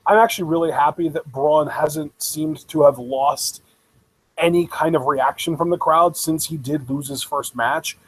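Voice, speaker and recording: Young male co-host, high pitched, enthusiastic and giggly, dry close mic. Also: fairly even intonation, moderate pace, fairly bright tone, husky, no room sound, low-quality recording. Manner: enthusiastic, laughs often, filler-heavy. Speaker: podcast co-host. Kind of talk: casual wrestling review chat.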